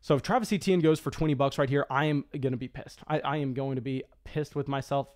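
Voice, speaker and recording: A man narrates a live fantasy football auction draft, his medium-pitched voice rushing along with enthusiasm and broken by frequent stammers and restarts.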